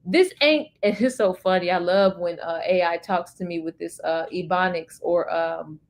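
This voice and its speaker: A woman's voice: on the low side, a little slow. A woman streaming solo, reading chatbot answers aloud in an earnest, emphatic way and adding her own remarks, with hesitant fillers between passages.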